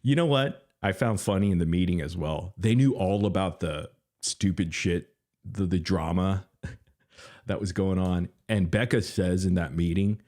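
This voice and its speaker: A man's voice: sits low, unhurried, warm tone. A man hosting a livestream commentary, mocking and laughing often. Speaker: host.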